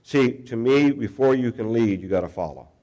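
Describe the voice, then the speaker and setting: A man's voice: medium pitch, animated, moderate pace, dark tone. A pastor preaching a sermon in a conversational, self-deprecating way, often restarting his sentences.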